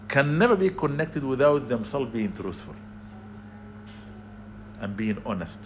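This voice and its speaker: A man's voice: medium pitch, a little hiss or hum. A man giving a sermon as a spiritual advisor, earnest and emphatic, weaving Arabic phrases into his talk and rising to pointed exclamations. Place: community venue.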